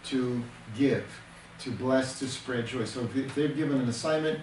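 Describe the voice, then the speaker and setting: A male counselor talks earnestly in a plain, mid-range voice, often repeating a word for emphasis as he teaches. He sits away from the microphone in a reverberant room, and steady background noise runs under his speech. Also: mid-range voice, normal speed. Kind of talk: conversational teaching talk. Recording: roomy, distant mic with background noise.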